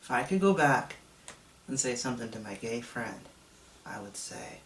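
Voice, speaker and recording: A man's voice: mid-range voice, big pitch swings, moderate pace, a bit bright, a little hiss or hum. A man in his thirties telling his own story in a reflective, confessional way. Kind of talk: personal testimony vlog. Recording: echoey room, mic at a distance.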